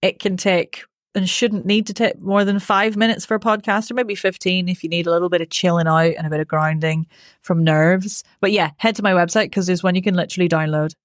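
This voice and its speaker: A woman, a voice coach answering interview questions in a clear, methodical, upbeat way. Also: on the low side, fairly even intonation, fairly quick, no room sound, studio quality. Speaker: voice coach, podcast guest.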